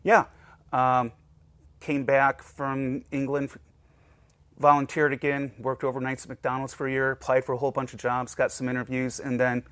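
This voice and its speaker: A man who directs a museum's collections, giving relaxed, friendly interview answers that ramble a little with fillers. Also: medium pitch, normal speed, no room sound.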